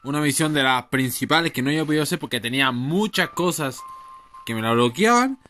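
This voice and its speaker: Casual streamer. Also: male voice, on the high side, animated, racing, bright, forceful tone, faint music behind. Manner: casual, swears freely. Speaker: game streamer. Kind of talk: casual let's play commentary.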